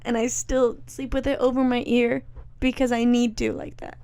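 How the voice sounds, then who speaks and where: A young woman co-hosting a podcast, chatting earnestly in a casual way and adding quick asides. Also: a little high, little pitch movement, mellow, clear, resonant tone, no room sound. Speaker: podcast co-host. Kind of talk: casual chat.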